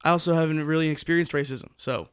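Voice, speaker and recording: A man who used to do stand-up comedy, guesting on a podcast and telling stories with deadpan jokes. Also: on the high side, clear, resonant tone, dry recording, studio quality. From Connecticut, United States. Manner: fast storytelling with deadpan jokes. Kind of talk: casual podcast chat.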